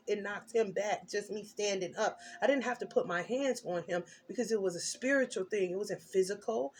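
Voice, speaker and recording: A woman's voice: mid-range voice, gravelly, slight background noise. A woman doing a tarot reading, telling her story intensely and emphatically with blunt slang. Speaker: tarot reader.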